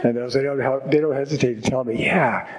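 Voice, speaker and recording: A man's voice: medium pitch, fairly even intonation, fairly quick, slightly rough, low-quality recording. A man speaking to a group at a recovery meeting, giving a candid, reflective personal testimony with wry humor.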